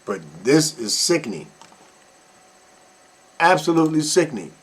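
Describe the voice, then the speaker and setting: High-voiced, exasperated male vlogger. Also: a little slow, breathy edge. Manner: animated, mocking, exasperated. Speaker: commentary vlogger. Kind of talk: reaction commentary.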